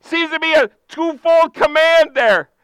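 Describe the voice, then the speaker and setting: A man preaching a sermon with passion, using repeated phrases and sudden shouted bursts. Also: extremely high pitch, measured pace, no echo, low-quality recording. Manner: impassioned preaching, repetitive cadences, bursts of shouting. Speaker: pastor.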